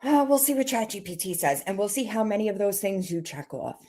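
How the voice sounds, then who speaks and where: A woman's voice: medium pitch, sing-song, fairly quick, warm tone. A woman hosting a mocking reaction commentary, talking straight to the person she criticizes in a sarcastic, taunting way and reading items aloud as a list. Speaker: commentary host.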